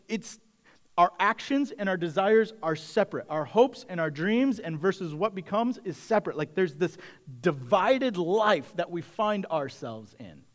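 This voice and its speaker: Reflective, conversational male pastor. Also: high-pitched. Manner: conversational and reflective, speaking to the congregation directly. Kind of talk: sermon.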